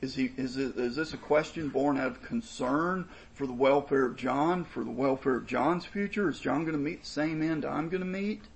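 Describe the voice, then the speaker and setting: A man's voice: mid-range voice, normal speed, vocal fry, hardly any pauses, slight background noise, low-quality recording. A man preaching a sermon, explaining scripture in an earnest, emphatic way with frequent repetition. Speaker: pastor.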